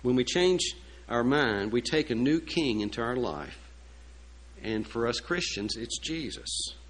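A man's voice: mid-range voice, sing-song, measured pace, low-quality recording. A male preacher delivers a sermon in a storytelling style. He slips in folksy, joking asides and keeps asking rhetorical questions. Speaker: pastor.

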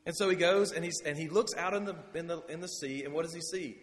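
A man's voice: a little high, fast, few pauses. A man preaching a sermon in a conversational storytelling way, with chatty asides. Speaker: pastor. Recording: long hall reverb.

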